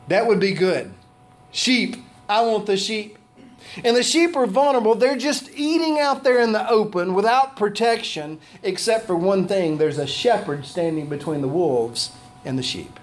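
A man preaching a sermon as pastor, with animated shifts in pitch and pace.

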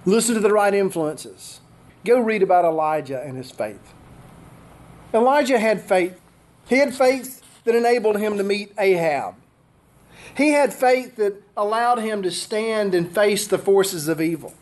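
A man's voice: high voice, lively intonation, a little slow. An older man preaching a sermon as pastor, driving his points home with repeated rhetorical questions.

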